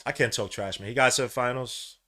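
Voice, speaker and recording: A man hosting a live sports watch-along podcast, talking in casual slang and swinging from low mutters to loud cheering. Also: brisk. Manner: casual slang, calls listeners bro and son. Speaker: podcast host.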